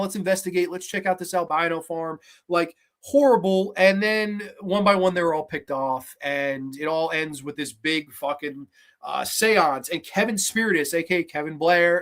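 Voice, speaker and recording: A man's voice: on the high side, fairly bright tone. A man hosting a podcast, giving a blunt, profane, rambling casual movie review with plenty of fillers. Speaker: podcast host.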